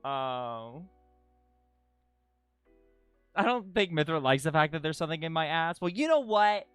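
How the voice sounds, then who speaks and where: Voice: medium pitch, unhurried, fairly bright tone, smooth, dry recording, soft background music. A live streamer chatting casually while drawing, dramatic and self-critical, who swears freely.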